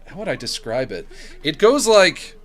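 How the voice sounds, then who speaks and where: Lively joking young man streaming a game. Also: fairly high pitch, moderate pace. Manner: sarcastic, joking, reads game text aloud in silly voices. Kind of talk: casual gameplay commentary.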